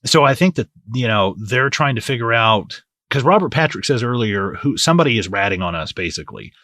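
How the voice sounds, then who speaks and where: Man on a podcast, casual and profane, acts out movie lines, mid pitch, dry close sound. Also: big pitch swings, brisk, sharp tone, no echo. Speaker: podcast co-host. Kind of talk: casual movie-review chat.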